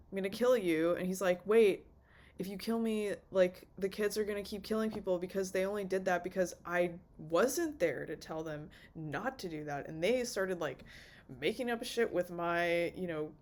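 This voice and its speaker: A young woman giving an off-the-cuff review in a rambling, swearing, animated way, acting out the characters' lines. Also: medium pitch. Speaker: vlogger reviewing a TV series.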